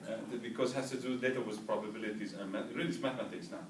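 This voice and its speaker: This language teacher races through his lecture in a medium-pitched voice with fairly even intonation. Now and then he has the class repeat words aloud, and he keeps checking that they understand. The far camera gives a roomy, distant sound with faint background noise.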